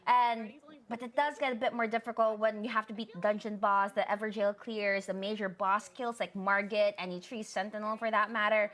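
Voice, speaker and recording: A woman's voice: mid-range voice, flat delivery, brisk, fairly bright tone. A woman from the Philippines with a Filipino accent, English not her first language, co-hosting a live stream with upbeat, chatty game commentary. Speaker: stream co-host.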